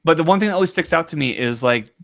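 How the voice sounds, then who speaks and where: Twenties male co-host, lively pitch, storytelling, dry close sound. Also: racing, gravelly, no echo. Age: 20s. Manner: animated storytelling with laughs. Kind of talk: casual podcast chat.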